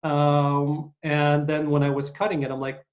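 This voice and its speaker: A man's voice: a little high, flat delivery, unhurried. A middle-aged man hosting a podcast, rambling casually with lots of hesitant fillers. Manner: rambling, hesitant, many uhs. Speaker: podcast host. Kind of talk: casual interview chat. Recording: dull lo-fi audio.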